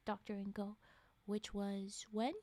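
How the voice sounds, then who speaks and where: A woman voicing a calm, clinical doctor who questions a subject in a measured, lower tone. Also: dry recording, natural voice.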